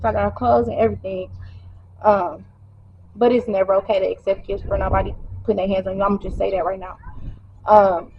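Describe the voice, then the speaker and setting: A woman's voice: mid-range voice, lo-fi sound, a little hiss or hum. A young woman telling a personal story casually, in a slangy, repetitive way. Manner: conversational, repeats herself, slangy. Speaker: vlogger.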